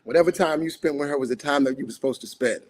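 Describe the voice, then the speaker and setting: A man's voice: on the high side, rapid-fire, a crowd in the background. A grieving man speaking as a guest on a talk show, raw and emotional, swinging between laughter and anger. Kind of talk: livestream talk show conversation.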